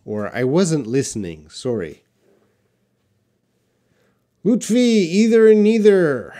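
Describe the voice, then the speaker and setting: A man teaching English in a live question-and-answer class, explaining patiently and repeating words slowly for learners. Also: medium pitch, sing-song, dark tone.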